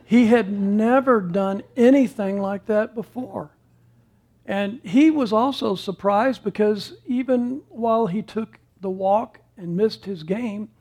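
A male preacher telling a story in a sermon, with measured delivery and dramatic pauses. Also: high-pitched, a little mellow.

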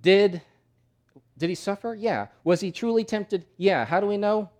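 A male pastor delivering a sermon in a fairly high voice. He talks emphatically, firing off rhetorical questions and moving between forceful peaks and quiet, low passages. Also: lively intonation, normal speed. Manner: emphatic, rhetorical questions, swings loud and soft.

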